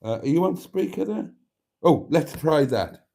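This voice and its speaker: Chatty live-stream host, male, mellow and warm, rambles freely. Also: on the high side, animated, a little slow, gravelly. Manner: rambling, chatty, laughs easily. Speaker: channel host. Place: motorhome.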